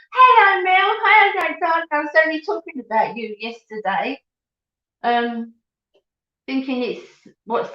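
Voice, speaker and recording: A middle-aged woman chats with her viewers on a home live stream, laughing often and greeting them by name. Her voice sits a little high and she talks at a slow, unhurried pace. The sound is dull and roomy, the way a built-in device mic picks up a room at home. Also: a bit bright. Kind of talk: casual live chat with viewers.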